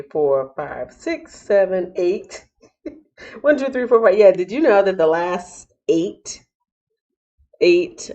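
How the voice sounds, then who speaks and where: A woman's voice: fairly low pitch, warm tone. A woman from Texas hosting a casual live-stream Bible reading, chatty and playful as she greets her viewers. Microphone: laptop mic. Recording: dull lo-fi laptop audio.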